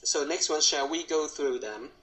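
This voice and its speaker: A man teaching Cantonese who says each phrase slowly and carefully, then repeats it. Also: fairly high pitch, fairly bright tone, low-quality recording. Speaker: Cantonese tutor. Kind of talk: language lesson.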